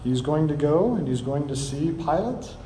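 A man's voice: fairly high pitch, expressive, moderate pace, warm tone, echoey room, a little hiss or hum, low-quality recording. A man preaching a sermon, reading scripture aloud and explaining it with rising emphasis. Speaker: pastor.

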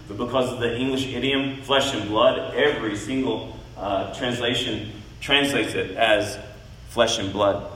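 Man teaching scripture real slow and deliberate, leans hard on key words, roomy echo. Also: mid-range voice, a bit bright. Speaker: Bible teacher. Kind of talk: expository Bible teaching.

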